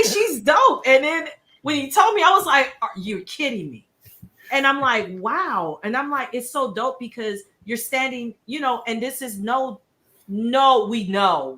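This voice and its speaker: A woman co-hosting a radio interview, telling stories with lively reenacted quotes. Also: fairly high pitch. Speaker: co-host. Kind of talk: casual radio interview chat.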